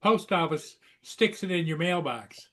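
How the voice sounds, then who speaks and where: A man's voice: a little high, expressive, measured pace, a bit bright. A man making offhand remarks on a video call. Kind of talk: casual chat.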